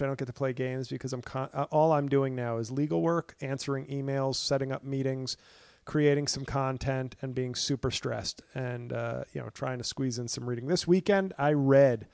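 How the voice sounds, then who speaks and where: A man's voice: mid-range voice, fairly even intonation, moderate pace, vocal fry, no echo, studio quality. A man hosting a casual solo podcast from home, rambling and sarcastic with lots of fillers and self-mocking asides. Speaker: podcast host.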